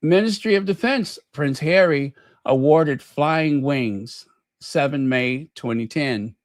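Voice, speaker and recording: Male host, chatty and folksy, slow unhurried delivery, slightly high voice. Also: no room sound, studio quality. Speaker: podcast host. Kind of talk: casual commentary.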